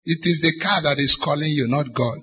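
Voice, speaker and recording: Man, husky, dramatic sermon storytelling, dull lo-fi sound. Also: on the high side, brisk. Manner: dramatic storytelling, acts out dialogue. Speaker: bishop preaching. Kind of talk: sermon with personal testimony.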